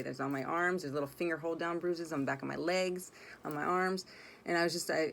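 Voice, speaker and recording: Blunt, low-voiced woman telling a story. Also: vocal fry, a little hiss or hum. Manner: blunt, swears freely; rambling, self-correcting delivery. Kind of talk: casual personal storytelling.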